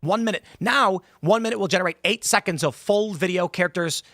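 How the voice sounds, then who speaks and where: A man hosting a talk show, arguing forcefully in a heated studio debate. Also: high voice, a little fast, no echo. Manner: forceful, argumentative, acts out voices in anecdotes. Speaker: host.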